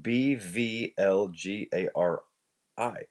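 A man's voice: low voice, takes it slowly, a little mellow. A man co-hosting an audio-only podcast, reading from an article in a playful, teasing way. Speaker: podcast co-host. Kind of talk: casual podcast chat.

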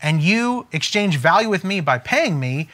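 A man giving an emphatic, preacher-like motivational talk as a business coach, slowing down to stress key phrases. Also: high voice, big pitch swings, pushed and bright.

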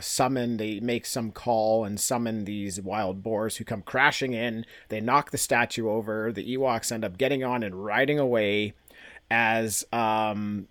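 A man's voice: on the low side, no room sound. A man co-hosting a podcast, casually recapping a comic with lots of laughter and filler words. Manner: laughs often, rambling with fillers. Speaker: podcast co-host.

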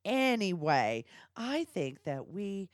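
A woman's voice: medium pitch, sing-song, slow pace, no echo, studio quality. Bawdy, laughing woman podcast host. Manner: frank, bawdy, laughs a lot. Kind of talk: crude casual chat.

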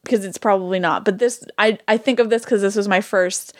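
A woman's voice: mid-range voice, steady tone, a little fast. A young adult woman co-hosting a podcast in casual chat, chatty and eager to tell stories. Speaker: podcast co-host.

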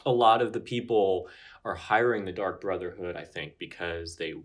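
A man's voice: low voice, normal speed. A man co-hosting a casual chat, tossing out dry wisecracks and musing aloud. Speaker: podcast co-host.

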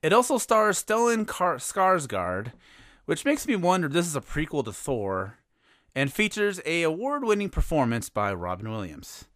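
Wry, animated male podcast host. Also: a little high, moderate pace, no echo, clean studio sound. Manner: wry, self-mocking, animated. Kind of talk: scripted podcast monologue.

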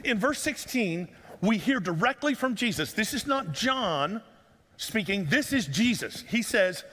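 High-pitched preacher guy, earnest, pleading, lots of rhetorical questions, long echo like a big church. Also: sing-song, measured pace, pushed and bright. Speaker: pastor. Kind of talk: sermon. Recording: long reverb of a large room.

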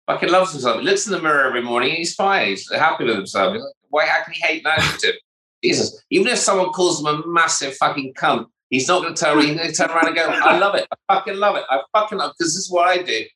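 A man's voice: a little high, expressive, fast, sharp tone. A man co-hosting a casual chat show, crude and boisterous, swearing freely. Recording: echoey room.

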